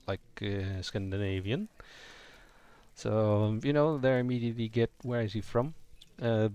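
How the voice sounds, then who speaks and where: A man's voice: on the low side, darkish tone. A man giving a casual spoken tutorial on voicing roleplaying characters, thinking aloud and improvising as he goes. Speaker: roleplaying game player explaining character voices.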